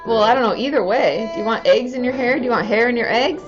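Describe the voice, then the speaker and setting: A woman's voice: on the high side, fast. A woman in her thirties, a therapist hosting a casual live stream, chatting with viewers in a bubbly way and cheering often. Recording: slightly dull sound with faint music behind.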